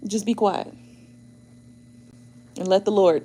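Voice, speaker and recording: A woman, hosting a casual chat to her viewers, animated, exclaiming and laughing as she talks. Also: fairly high pitch, normal speed. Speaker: tarot channel host.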